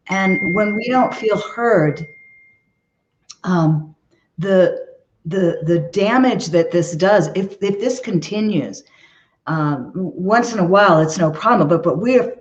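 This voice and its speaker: A woman's voice: medium pitch, takes it slowly, highs cut off, a little hiss or hum. A woman guesting as a relationship expert, talking earnestly in an interview and often checking in with "okay?". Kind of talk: conversational interview advice.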